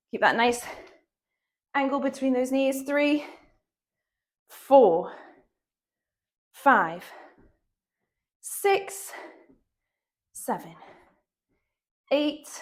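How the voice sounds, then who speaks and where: A woman, coaching a dumbbell workout with upbeat counting and frequent laughs, with a cold in her voice. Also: fairly high pitch. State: has a cold, slight cough in the voice. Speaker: fitness instructor.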